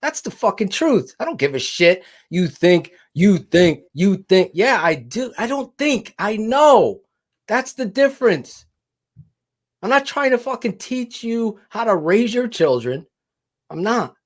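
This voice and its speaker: Brash, lively-pitched male sports podcaster. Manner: brash, boastful, heated, profane. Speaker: podcast co-host. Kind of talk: casual sports talk.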